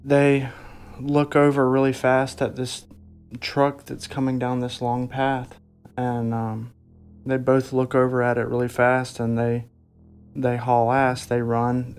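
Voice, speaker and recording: A man giving documentary interview testimony about an encounter, speaking haltingly with frequent restarts. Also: mid-range voice, a little mellow, smooth.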